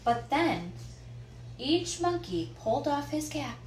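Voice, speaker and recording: Slow, expressive woman reading to kids. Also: sits high. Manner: slow, expressive, asks listeners questions. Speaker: children's story reader. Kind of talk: picture book read-aloud. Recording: roomy echo, faint background noise.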